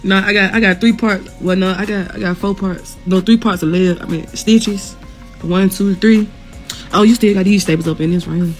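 A woman in pain chats live with her viewers from a hospital room. Her voice sits at a middle pitch and her talk is blunt and full of cursing, broken up by laughter. Faint music plays behind her. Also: steady tone, moderate pace. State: in pain, near tears. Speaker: livestreamer reading viewer comments. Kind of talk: casual live chat with viewers.

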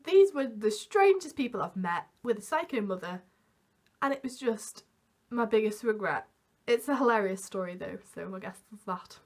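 A young woman vlogging, telling a story in an animated way and acting out the quoted voices. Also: medium pitch, normal speed. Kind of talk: storytime vlog.

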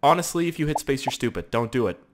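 A young man giving excitable, profane live gameplay commentary with yelling outbursts. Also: mid-range voice, fast talker, background noise. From Canada. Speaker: gaming YouTuber.

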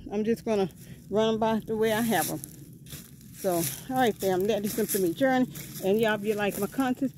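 A woman's voice: fairly high pitch, a little mellow, slight background noise. A woman, out of breath, chatting casually to her viewers as a vlogger outdoors and often calling them family. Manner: chatty, folksy, often repeats words and addresses viewers as family. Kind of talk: casual vlog talk to viewers. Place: outdoors on rural property.

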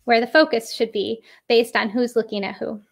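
Woman puppetry teacher, guest in a casual chat, explains step by step, slightly high voice. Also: fairly even intonation, creaky. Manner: explanatory, demonstrates with quick voices. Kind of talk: casual interview talk.

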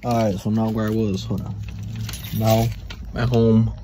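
A man's voice: fairly low pitch, flat delivery, measured pace, background noise. A young man casually vlogging at home on a phone, hyped and playful, chatting to his dog. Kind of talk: casual vlog. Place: at home, indoors.

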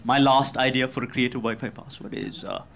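A man's voice: mid-range voice, fairly even intonation, a little fast, gravelly, heavy background noise. A man performing a stand-up comedy routine, ranting in an exasperated way. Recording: live comedy club with audience laughter.

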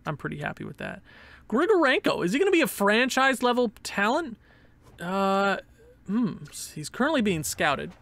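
A man's voice: high voice, big pitch swings, moderate pace, vocal fry, fairly bright tone, no room sound. A man giving casual commentary over a sports game, sarcastic and exasperated, with bursts of pained laughter. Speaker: gaming YouTuber.

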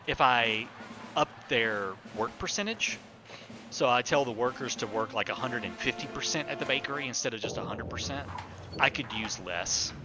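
A man's voice: mid-range voice, animated, moderate pace. A man streaming a city-building game, thinking aloud in a rambling casual way and chatting with viewers as he plays. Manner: thinks aloud, rambling with fillers and self-corrections; chats with viewers while playing. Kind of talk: casual live-stream commentary.

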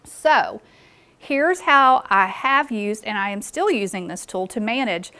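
A woman's voice: medium pitch, animated, unhurried, sharp tone. A woman presenting a live workshop in a meeting room, engaging the audience with questions.

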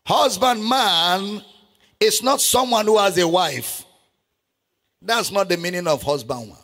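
A man preaching a sermon as pastor, shouting and half-singing scripture verses with great passion. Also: high-pitched, unhurried. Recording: long hall reverb with faint music.

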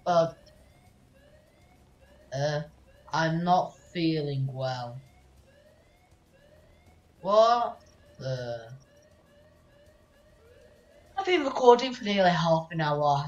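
A woman's voice: low-pitched, very animated, extremely slow, pauses often. A woman playing a video game and narrating it with chatty, bemused asides to viewers. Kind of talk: casual let's-play commentary. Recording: dull, roomy, distant mic.

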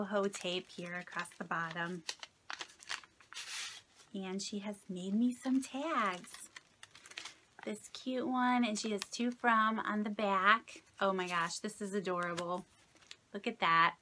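On her casual craft vlog, a woman in her late thirties unwraps presents from friends and thanks each one, gushing and delighted yet soft-spoken. Her mid-range voice keeps a steady tone at a measured pace, with a faint hiss or hum underneath.

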